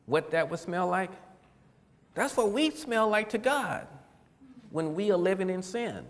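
A man preaching a casual, folksy sermon, animated and quick to laugh at his own points. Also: mid-range voice, in a large hall.

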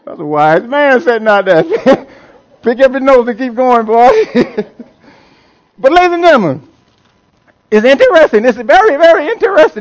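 A man preaching from the pulpit in a high, sing-song voice that swoops all over. He leans hard on his words and says key phrases twice. He chuckles often as he talks to his congregation. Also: sing-song, unhurried, pauses often. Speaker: pastor. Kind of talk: sermon.

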